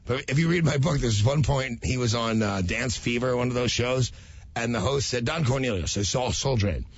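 A man co-hosting a radio talk show, telling stories in a lively, animated way. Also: mid-range voice, normal speed, breathy edge, no room sound. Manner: animated storyteller, acts out quotes. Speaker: radio co-host. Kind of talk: casual radio banter and storytelling. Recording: dull lo-fi radio broadcast audio.

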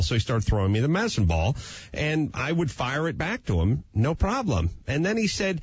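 A husky-voiced man spins a comic anecdote as a talk show guest, playful and self-deprecating. His pitch leaps around expressively as he acts out the story. The audio is muffled and lo-fi. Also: moderate pace, no room sound. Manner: animated, playful, self-mocking.

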